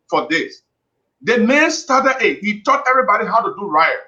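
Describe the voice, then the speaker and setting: A man's voice: sits high, very animated, moderate pace, bright, forceful tone. A man, a guest on a radio talk show, arguing in a heated, emphatic way and repeating himself. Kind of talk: call-in radio debate. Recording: dull lo-fi radio audio.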